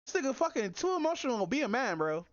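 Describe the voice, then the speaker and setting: A woman with a high, swooping voice mocks what she watches in loose slang, often breaking into laughter. The sound is dull and lo-fi, with no room at all around it. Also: very animated, fast talker, no echo. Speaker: streamer reacting to a clip. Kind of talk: casual live-stream commentary. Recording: dull, dry lo-fi mic.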